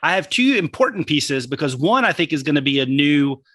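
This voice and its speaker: This is a man with a Texan accent co-hosting a podcast, talking eagerly about his collection and laughing easily. His voice is bright and sits somewhat high for a man. The recording is close and dry, with no room sound. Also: very animated, a little fast, no room sound. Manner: chatty, enthusiastic collector, laughs often. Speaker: podcast co-host. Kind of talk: casual podcast chat.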